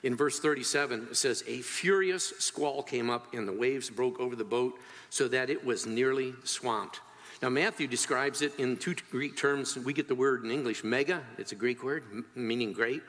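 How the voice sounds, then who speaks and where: A male pastor preaching a sermon, telling the story with animated swings between loud, high moments and quiet, low ones. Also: normal speed. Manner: animated storytelling with wide swings in pitch and loudness. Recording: long hall reverb.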